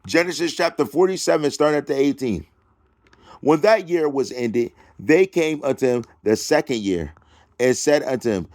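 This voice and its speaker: A man reading scripture aloud and breaking off into loud preaching and taunting, drawling slowly through the verses. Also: on the high side. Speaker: self-styled preacher.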